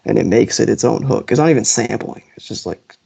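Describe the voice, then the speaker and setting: A man's voice: lowish voice, lively intonation, a little fast, gravelly, mellow, slightly rough. A man on a casual music podcast, swearing freely and often groping for words mid-sentence. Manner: profane, gropes for words, dismissive of pop songs.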